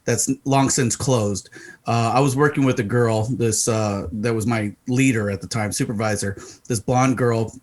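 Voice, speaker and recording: A man's voice: mid-range voice, normal speed. A middle-aged man from Arizona, co-hosting a podcast, telling a story in casual chat and acting out the voices in it. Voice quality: animated, acts out voices in his stories. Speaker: podcast co-host.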